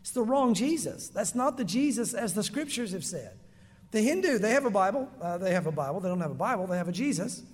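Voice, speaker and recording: Pastor, male, strikingly high voice; emphatic, chatty preaching; long hall reverb. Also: big pitch swings, brisk, slightly rough. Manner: emphatic, conversational preaching with repeated "bottom line". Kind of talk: sermon.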